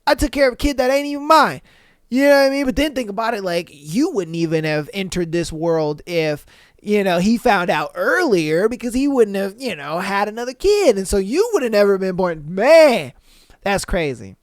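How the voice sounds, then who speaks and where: Animated slangy male podcast host. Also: high-pitched, normal speed, no room sound, studio quality. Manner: animated, slangy, blunt, with loud exclamations. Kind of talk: reading posts aloud and reacting.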